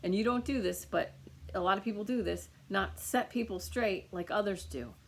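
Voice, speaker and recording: A woman's voice: mid-range voice, moderate pace, vocal fry, breathy edge. A woman giving a casual, rambling recorded healing reading to a client, with lots of fillers and restarts. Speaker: energy healer reading for a client.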